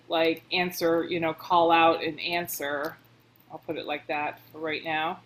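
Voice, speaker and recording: Woman editor reading a piece out loud and chatting thru her edits, lowish voice, easygoing. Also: a little slow, low-quality recording. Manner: casual, chatty, reads passages aloud then comments with light laughs. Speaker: book editor. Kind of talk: editing a text aloud, thinking out loud.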